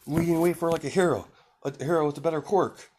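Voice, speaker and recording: A man's voice: fairly high pitch, lively intonation, a little fast, a little mellow, slight background noise, voice pushed up, lightly acted. A man voicing a panicky adult male bystander hero who urges waiting for help, in an urgent, fretful way. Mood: alarmed.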